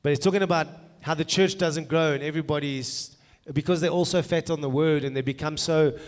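A man preaching in a conversational way and telling an anecdote as an animated storyteller, in a church meeting room. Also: a little high, brisk. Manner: animated storyteller, laughs at own jokes. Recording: long reverb from a hall.

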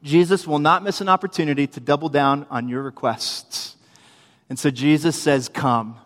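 Young male preacher with a high voice, animated storyteller, long room echo. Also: moderate pace. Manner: storytelling, animated, acts out quotes, humorous asides. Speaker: preacher, youth minister. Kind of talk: sermon.

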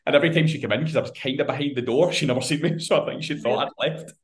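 Speaking very fast at a medium pitch, a man with a Scottish accent co-hosts a podcast. He laughs and swears liberally while telling a long, casual story.

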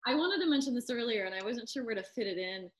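A woman guesting on a podcast, calmly giving heartfelt advice in casual interview chat. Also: a little high, quick pace.

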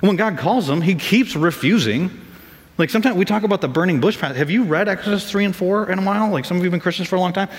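A man preaching a sermon as pastor, casual and animated, acting out the people he quotes in raised voices. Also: high voice, quick pace, big-room sound.

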